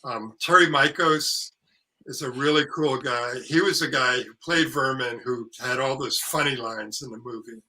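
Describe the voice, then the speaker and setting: An older man, an actor and author, telling anecdotes in casual conversation, lively and salty, acting out what others said. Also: medium pitch, moderate pace, a little hiss or hum, poor audio. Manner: lively storyteller, salty language, acts out quotes. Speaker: actor and author, podcast guest.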